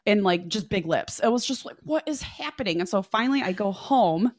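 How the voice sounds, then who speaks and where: A young woman on a podcast telling a dating story, animated and profane, acting out what people said. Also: medium pitch, a little fast, no room sound, studio quality. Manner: animated, swears freely, acts out quotes. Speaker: podcast guest. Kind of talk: casual storytelling chat.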